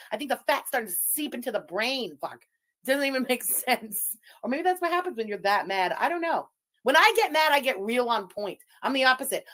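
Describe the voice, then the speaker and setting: A woman's voice: high voice, fairly bright tone. A woman whose first language is French, hosting a livestream and ranting in a profane, mocking, combative way while reacting to clips. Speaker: streamer commentator.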